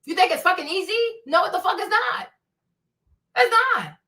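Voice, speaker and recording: Woman, 40s, livestream host: sassy, cursing rant, high lively voice, slightly off-mic. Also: normal speed, distant mic. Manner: blunt, profane, sassy, laughing often.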